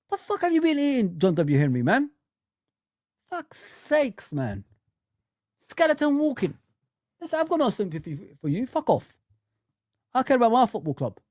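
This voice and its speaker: A man's voice: sits high, a little mellow, no room sound, studio quality. A man hosting a football fan livestream, ranting heatedly with lots of swearing and repetition, then chatting with viewers. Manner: heated, swearing, repeats himself. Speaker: football fan channel host. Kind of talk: livestream rant and chat.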